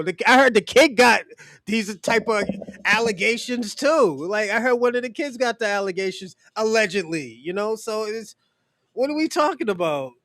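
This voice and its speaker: A man's voice: high voice, fairly bright tone, no echo. A man hosting a podcast who gives blunt, profane opinions in casual talk and speaks straight to his co-hosts. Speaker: podcast host.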